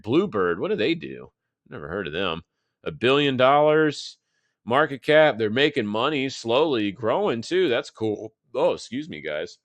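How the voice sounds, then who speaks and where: A man's voice: mid-range voice, very animated, measured pace, a bit bright, no echo. A man in his thirties from Texas hosting a live market show, chatting casually and thinking aloud over charts, loose and profane with plenty of fillers. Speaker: market analysis host.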